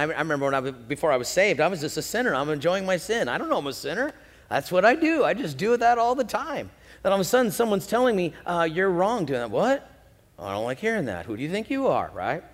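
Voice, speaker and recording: A male pastor delivers an animated sermon, rising to loud, drawn-out emphasis and then sinking low and quiet. His voice sits a little high for a man. The sound carries a long reverb, as in a large church sanctuary. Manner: animated preaching, swings between loud emphasis and quiet lows.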